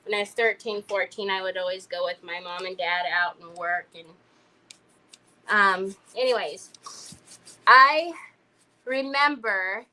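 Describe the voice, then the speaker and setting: A woman's voice: mid-range voice, sharp tone, rough recording. A woman, chatting casually and rambling through a story while she crafts on a livestream. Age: 50s. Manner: chatty, rambling, addresses viewers as y'all.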